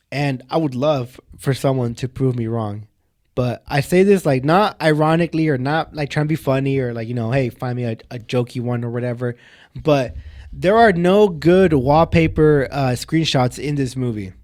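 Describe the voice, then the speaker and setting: A man's voice: mid-range voice, animated, measured pace, darkish tone. A young man co-hosting a podcast, reviewing a film in casual chat, rambling with lots of filler words and getting heated. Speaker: podcast co-host.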